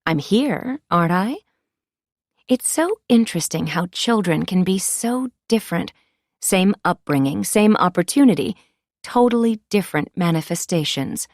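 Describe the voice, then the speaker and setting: Low-voiced woman narrating a thriller. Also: lively intonation, moderate pace, a little mellow, no room sound, clean studio sound. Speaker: audiobook narrator. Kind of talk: scripted first-person narration.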